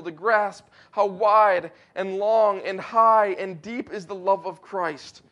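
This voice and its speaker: A man preaching a sermon in an earnest way, rising to emphatic peaks and slowing down to give words weight. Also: high voice, a bit bright. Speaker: pastor.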